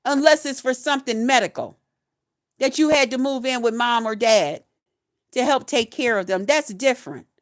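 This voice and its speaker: Blunt profane woman in her fifties, high voice. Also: normal speed. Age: 50s. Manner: blunt, profane, chanting repeated phrases. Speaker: retired nurse, YouTuber. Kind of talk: profane ranting vlog.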